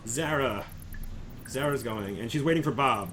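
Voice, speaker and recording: A man's voice: medium pitch, slow, noisy background. A man narrating as game master of a tabletop game in casual chat, often chuckling and restarting his sentences.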